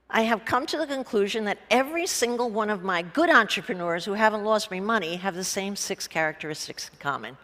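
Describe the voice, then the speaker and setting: Woman speaker, mid pitch, blunt and funny, a touch crude, on a conference stage with a long hall echo. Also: a bit bright. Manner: blunt and joking, with casual profanity. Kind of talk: humorous storytelling talk. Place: conference stage before a live audience. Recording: reverberant hall.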